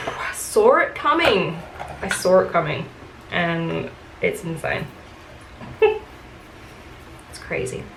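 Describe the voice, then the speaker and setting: A chatty beauty vlogger with a low, gravelly fry tells a casual, rant-style story while she does her makeup in a room at home. Her speech is loaded with "like" and "um" fillers. The audio is echoey with faint background hiss.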